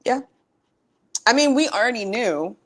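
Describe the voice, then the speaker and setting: A woman's voice: a little high, expressive, measured pace. Woman co-host with brief dry replies. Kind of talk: casual reality TV recap chat.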